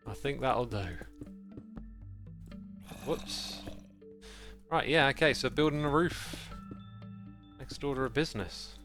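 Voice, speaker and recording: A man's voice: medium pitch, slow, long pauses, fairly bright tone, faint music behind. A man streaming a game live, chatting and muttering to himself as he plays. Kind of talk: casual gaming livestream commentary.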